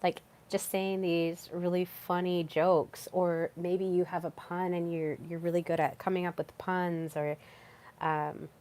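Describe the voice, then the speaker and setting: Low-voiced woman hosting a podcast. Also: little pitch movement, measured pace, a little mellow. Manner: chatty, with frequent fillers and repeated words. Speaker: podcast host. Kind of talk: casual solo podcast talk.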